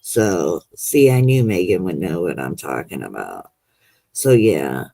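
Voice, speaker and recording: A woman's voice: extremely low pitch, sing-song, unhurried, gravelly, warm tone, no echo. A middle-aged woman hosting a livestream chat, rambling along and calling her guests honey. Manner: rambling, chatty, calls people honey. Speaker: livestream host. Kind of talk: casual chat.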